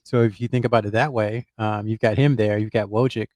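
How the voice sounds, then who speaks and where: A man's voice: on the low side, steady tone, fairly quick, darkish tone, no room sound. A man on a podcast, a basketball reporter who hedges and thinks aloud with lots of fillers and restarts. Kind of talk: casual podcast chat.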